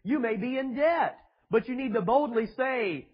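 A man's voice: very high voice, animated, moderate pace, slightly rough, highs cut off. A male preacher, preaching a sermon in a mocking, sarcastic way with emphatic repetition, in a church with children present.

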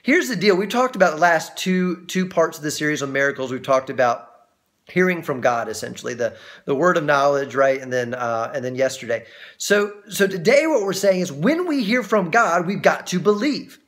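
A man teaching on a Bible passage as a pastor, in a conversational way with frequent restarts, lively when he acts out quoted voices. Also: fairly high pitch, moderate pace.

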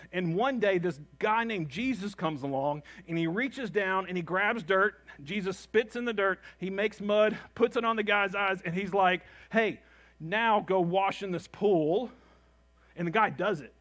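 A man preaching a sermon as pastor, animated and repetitive for emphasis, acting out the people he quotes. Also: high voice, normal speed, hardly any pauses. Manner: animated, repeats phrases for emphasis, acts out quotes; calls the congregation "gang".

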